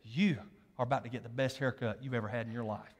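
A man quoting a calm, confident male hair stylist in a soft-spoken voice, within a sermon. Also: mid-range voice, quick pace, slight background noise, voice pushed down, natural voice. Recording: long reverb of a large hall.

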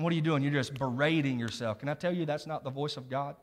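A man's voice: fairly high pitch, quick pace, hardly any pauses, fairly bright tone. A middle-aged male pastor preaching a sermon in a church, conversational and joking with the congregation between scripture readings. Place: church sanctuary. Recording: long hall reverb.

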